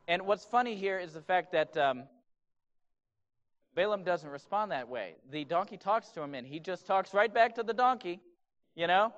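High-voiced conversational preacher. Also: male voice, lively intonation, moderate pace, a bit bright. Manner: conversational, with rhetorical questions. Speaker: pastor. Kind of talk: sermon. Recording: dull lo-fi recording.

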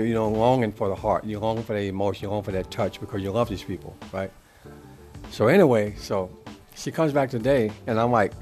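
A middle-aged man giving a casual, profane rant as a podcast host, swearing constantly and getting worked up. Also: mid-range voice. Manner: swears constantly, ranting and animated.

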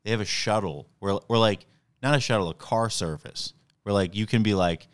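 A man hosts a casual comedy podcast, chatty and laughing often between his lines. His voice sits a little low and sounds smooth and clear. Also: normal speed.

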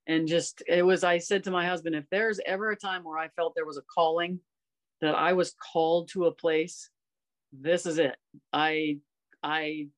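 A woman in her fifties, a guest on a podcast, telling personal stories in an earnest, rambling, heartfelt way. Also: sits low. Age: 50s. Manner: earnest, rambling, emotional storytelling. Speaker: podcast guest, golf coach. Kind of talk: casual storytelling conversation.

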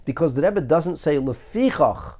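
A man leads a study lesson, his pitch swinging widely as he works through each phrase. He thinks aloud, hedges often and circles back to reread the words. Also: normal speed. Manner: animated, searching, thinks aloud with frequent hedges. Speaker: Torah teacher.

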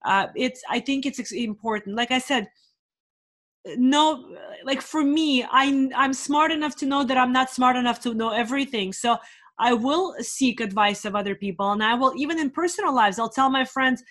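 A woman appearing as a guest in an interview, giving earnest business advice and slowing down on the words she wants to stress. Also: sits high, fairly bright tone. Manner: earnest, urging, fast bursts then slow emphasis.

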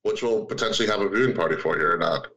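A man's voice: on the low side, rapid-fire, fairly bright tone, poor audio. A man hosting a podcast in casual chat, laid-back and rambling, laughing often. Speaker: podcast host.

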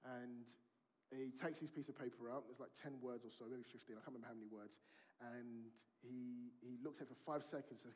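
A man's voice: medium pitch, fairly even intonation, a little fast, darkish tone. A man, preaching a sermon in a conversational storytelling way and acting out family dialogue.

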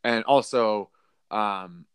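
A man's voice: on the low side, extremely slow, fairly bright tone, smooth, no room sound, clean studio sound. Rambling guy telling a story. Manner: rambling, laughing storyteller with many fillers. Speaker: podcast co-host. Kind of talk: casual chat.

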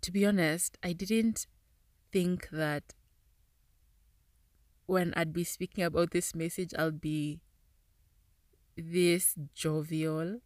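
Female podcast host, casual and talkative, lowish pitch, dry close mic. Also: steady tone, takes it slowly, pauses often, a little mellow, no echo. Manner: chatty, laughs often while reading aloud. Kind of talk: casual podcast reading and reflection.

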